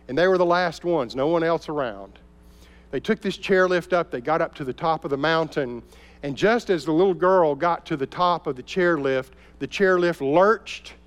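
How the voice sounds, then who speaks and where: A man preaching a sermon as a pastor, telling a story and dropping to soft, intense tones at key moments. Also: fairly high pitch. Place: church sanctuary. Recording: long reverb of a large hall.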